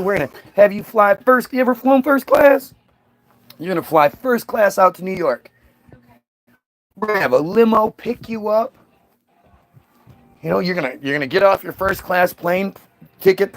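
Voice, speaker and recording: A man rants in a loose, profane monologue, scornful and repetitive. His voice sits fairly high and carries a gravelly rasp throughout. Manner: scornful, profane, repeats words. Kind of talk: casual ranting monologue.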